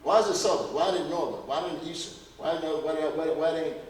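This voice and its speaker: A man's voice: a little high, fast. A man giving a health lecture to a church audience, folksy and emphatic, firing off rhetorical questions at the crowd. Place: church hall. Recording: echoey hall recorded from far off.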